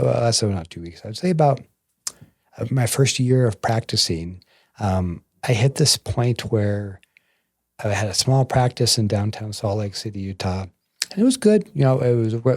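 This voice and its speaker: A man, a massage therapist and energy bodyworker, telling stories as a guest in a casual interview and acting out the quotes with lively jumps in his voice. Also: moderate pace, no echo, clean studio sound. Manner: animated, acts out quotes with jumps in pitch.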